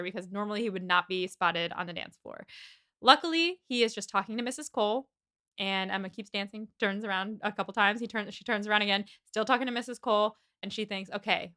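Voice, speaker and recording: Podcast co-host, young woman, forceful clear tone, animated recap acting out the scenes. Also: medium pitch. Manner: animated retelling, acting out characters in quick voices. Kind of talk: casual book-club chat.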